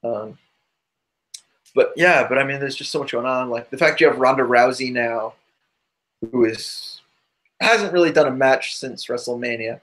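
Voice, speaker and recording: A man's voice: medium pitch, moderate pace, pauses often, fairly bright tone. A man co-hosting a podcast who drifts into asides as he talks. His delivery is loose, casual and rambling. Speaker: podcast co-host. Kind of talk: casual chat.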